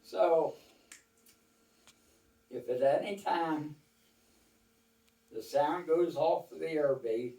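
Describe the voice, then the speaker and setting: A man's voice: fairly high pitch, very slow, long pauses, warm tone. An older man telling rambling, folksy war stories to a small audience, quoting others at length. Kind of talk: casual storytelling to a small audience. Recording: roomy, from far off the mic.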